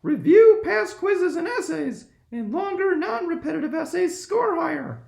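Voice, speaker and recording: A man voicing an eager young boy spider superhero, squeaky and quick. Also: very animated, creaky, darkish tone, exaggerated voice. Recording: echoey room.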